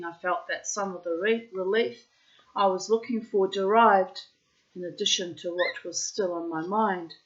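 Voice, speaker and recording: A woman reading a literary short story aloud in first person, with slow, measured narration. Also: fairly low pitch, highs cut off. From child of migrants. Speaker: reader.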